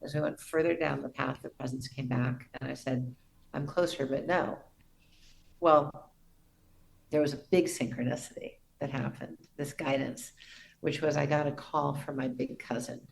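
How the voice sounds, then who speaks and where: A middle-aged woman, a podcast guest, telling a personal story in an earnest, reverent way with soft restarts. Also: extremely low pitch, steady tone, a little slow, vocal fry, rough recording.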